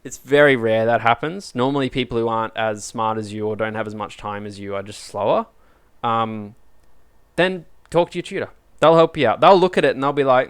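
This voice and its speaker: A man's voice: medium pitch, a little fast, clear, resonant tone, no room sound. A man giving a casual university lecture, chatty and conversational, acting out student dialogue as he explains. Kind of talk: casual live-streamed lecture.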